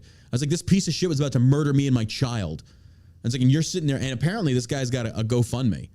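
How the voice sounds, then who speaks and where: A man's voice: mid-range voice, fast talker, mellow. A man hosting a podcast, ranting angrily and cursing in casual chat. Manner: angry profane ranting. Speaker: podcast host.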